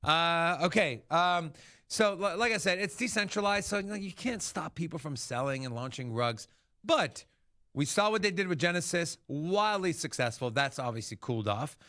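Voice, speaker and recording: A man hosting a crypto livestream, talking casually and excitably, swearing freely. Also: fairly high pitch, normal speed, dry recording, clean studio sound. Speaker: crypto show host. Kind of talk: livestream market commentary.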